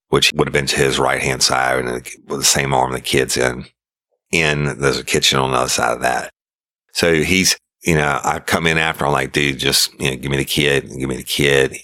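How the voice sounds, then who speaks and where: Very deep, gravelly man telling stories. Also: bright, forceful tone, no room sound, studio quality. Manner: casual, vivid storytelling, acts out radio calls. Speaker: podcast host and former sheriff's deputy. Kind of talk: true-crime storytelling.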